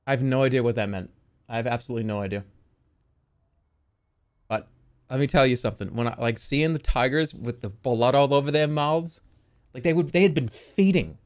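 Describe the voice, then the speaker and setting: A young man casually telling the story of a strange dream, rambling and swearing, with sudden loud panicked outbursts. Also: mid-range voice, brisk, long pauses, clean tone. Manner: rambling, swears a lot, restarts, jumps into loud panicked quotes.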